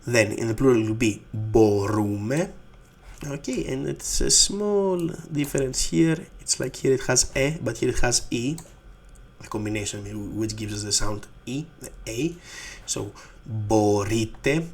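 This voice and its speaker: A man with a Greek accent teaching a language lesson, repeating each word slowly and patiently. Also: mid-range voice, husky.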